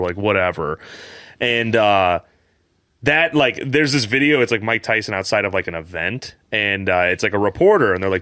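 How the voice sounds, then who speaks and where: A man's voice: on the low side, sharp tone, clean tone, dry recording, studio quality. A man co-hosting a casual podcast, telling stories animatedly and swearing often. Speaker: podcast co-host. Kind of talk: casual chat.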